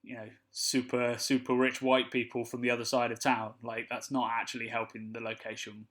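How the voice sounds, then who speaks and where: A man with a mid-range voice co-hosts a casual podcast. He keeps a relaxed, jokey tone and laughs easily while chatting with his co-host. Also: mid-range voice, fairly quick. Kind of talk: casual chat.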